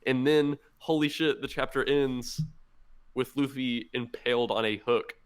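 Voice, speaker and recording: A man co-hosting a podcast, excitedly retelling a manga story in casual chat with lots of fillers. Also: medium pitch, unhurried, clear, resonant tone. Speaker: podcast co-host.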